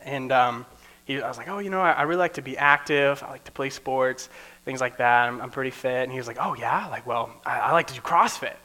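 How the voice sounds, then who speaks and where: A young man preaching in a relaxed, conversational way, often checking in with "right?" and acting out the people he quotes. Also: mid-range voice, a little fast. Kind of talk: casual teaching sermon.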